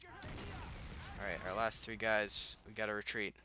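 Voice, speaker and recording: A young man talks his way through a war game in a casual, chatty commentary. His voice is very bright and carries well. Faint battle sounds from the game sit softly underneath. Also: on the low side, level tone, slow. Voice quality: chatty, reacts aloud, laughs at himself. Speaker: gaming channel host. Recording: faint game noise behind.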